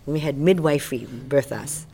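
A woman's voice: deep voice, normal speed. An older woman from Hawaii, fondly telling stories of her childhood in an oral history interview. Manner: fond, animated storytelling.

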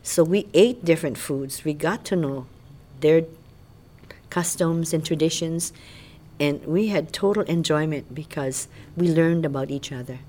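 A woman's voice: low-pitched, a little slow. An older woman from Hawaii, fondly telling stories of her childhood in an oral history interview. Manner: fond, animated storytelling.

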